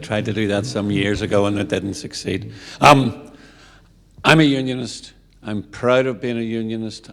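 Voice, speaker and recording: Older man, low-ish voice, rambling audience comment, big hall reverb. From Northern Ireland. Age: 70s. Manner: earnest, rambling, frequent restarts. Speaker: audience member. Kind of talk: public Q&A remarks. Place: large lecture hall. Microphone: handheld audience microphone. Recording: long reverb of a lecture hall.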